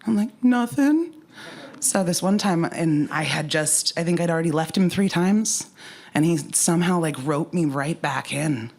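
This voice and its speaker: A woman's voice: low voice, normal speed. A woman telling a personal story at a live story slam, candid and conversational, with frank asides.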